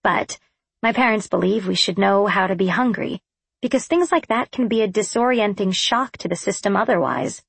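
A woman reads a first-person audiobook in a wry, expressive way. Her mid-pitched voice carries a slight husk. The recording is close and dry. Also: moderate pace, creaky, husky, no echo. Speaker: audiobook narrator.

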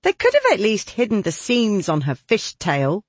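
A man voicing an excitable, chatty young woman who speaks in eager, high exclamations in a storybook. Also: moderate pace, no echo, heavily acted.

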